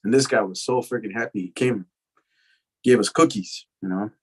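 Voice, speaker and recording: A man giving a casual, profane recovery talk, telling his story with animated acted-out quotes. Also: fairly low pitch, moderate pace, slightly rough, low-quality recording. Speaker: recovery lecture speaker.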